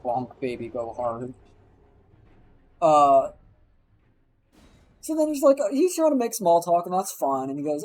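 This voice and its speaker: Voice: mid-range voice, very animated, normal speed, long pauses, darkish tone, low-quality recording. A streamer telling a story in a casual live stream, swearing freely, rambling and acting out the people being quoted.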